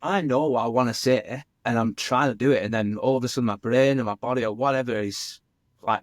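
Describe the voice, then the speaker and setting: A man's voice: mid-range voice, a little fast, no room sound, studio quality. A young man, a firefighter guest on a podcast, talking candidly in a casual way, full of fillers and "mate". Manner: chatty, many fillers, says "mate" often.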